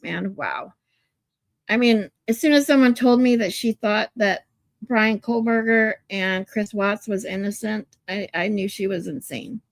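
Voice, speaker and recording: A woman's voice: a little high, no room sound. A woman hosting a casual livestream, talking to her chat in a chatty way and laughing easily. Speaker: livestream host.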